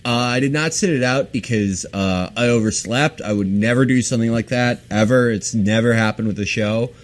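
Deadpan joking podcast co-host man. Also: mid-range voice, a little fast. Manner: deadpan, absurd jokes. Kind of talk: casual podcast banter.

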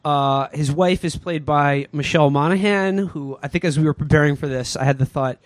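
A man with a somewhat high voice rambles through a movie plot, joking and leaning on fillers. His voice is recorded dry, with no room sound. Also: brisk, no room sound. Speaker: podcast co-host. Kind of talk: casual comedic movie recap.

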